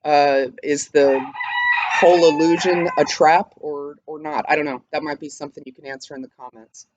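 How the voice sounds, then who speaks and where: A woman teaching literature in a casual online lesson. She speaks in a thoughtful, musing way and pauses often with hesitant fillers. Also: low voice, steady tone, lo-fi sound, very noisy.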